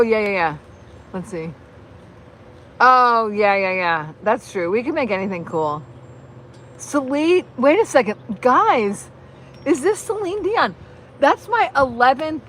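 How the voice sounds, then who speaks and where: Chatty excitable woman live-streaming. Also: a little high, a little hiss or hum, rough recording. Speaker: livestream host. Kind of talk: casual live-stream chat.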